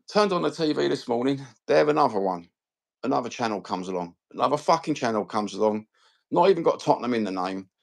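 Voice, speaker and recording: A man's voice: fairly low pitch, dry recording. A man with a Cockney accent hosting a fan live stream, rambling and swearing in slang-filled casual chat. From London. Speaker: fan channel host.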